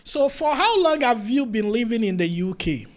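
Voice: mid-range voice, sing-song, moderate pace. An interviewer, asking questions in a playful, teasing way and mixing in pidgin phrases. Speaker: host, interviewer. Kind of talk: casual street interview.

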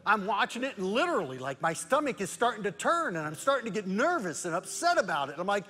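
A man preaching a sermon as pastor, moving between loud emphatic rhetorical questions and soft, hushed prayer. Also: high-pitched, sing-song, fast talker, hardly any pauses, in a large hall, soft background music. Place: church sanctuary.

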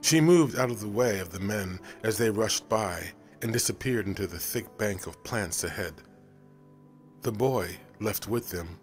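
A man narrating a novel in a steady, even storytelling style, over faint music. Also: lowish voice, measured pace. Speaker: audiobook narrator.

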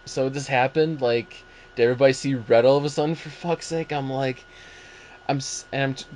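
A man's voice: medium pitch, steady tone, fairly quick, darkish tone, a little hiss or hum. A man hosting a casual movie podcast, rambling and acting out his own reactions as he talks. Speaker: podcast host. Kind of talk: casual movie review chat.

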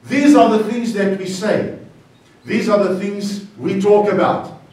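A South African pastor preaching a lively, playful sermon and bantering with his congregation. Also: high voice, unhurried. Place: church hall. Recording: very echoey church hall, far from the mic.

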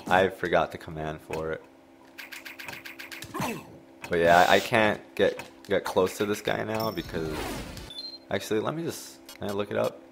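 A man's voice: low-pitched, normal speed, vocal fry, pauses often, background noise. Rambling man telling stories over gameplay. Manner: rambling, laughing, distracted by the game. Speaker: gameplay commentator. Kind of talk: casual storytelling over gameplay.

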